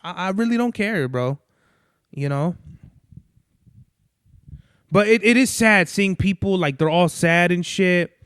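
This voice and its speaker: A young man with a high, smooth voice talks through a casual podcast monologue. He rambles, swears freely and loses his thread now and then. The sound is dry and close, with no room in it. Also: unhurried, long pauses, a bit bright, dry recording. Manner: rambling, profane, loses his train of thought. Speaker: podcast host.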